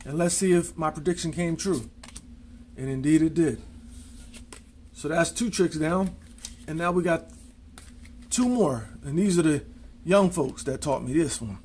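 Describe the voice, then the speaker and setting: A man with a slightly high voice walks through card tricks in a relaxed, casual way. He counts and spells out loud as he deals the cards. A faint hum sits behind him. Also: measured pace, pauses often. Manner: casual, counts and spells aloud while dealing. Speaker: amateur magician.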